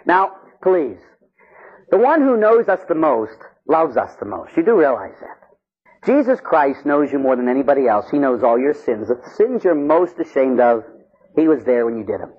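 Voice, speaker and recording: A man preaching a sermon as a priest, intense, swinging between loud pleading and hushed tones. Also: a little high, animated, brisk, husky, dull audio.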